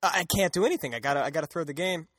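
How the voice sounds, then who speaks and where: A man's voice: a little high, lively intonation, rapid-fire, a bit bright. A man doing a pleading young football star. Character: earnest young male football star in a jam.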